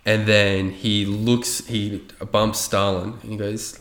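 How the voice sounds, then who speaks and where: A man's voice: on the low side, flat delivery, slow, few pauses, a bit bright, roomy sound. A man telling a rambling story in casual chat, swearing freely and loose with his facts.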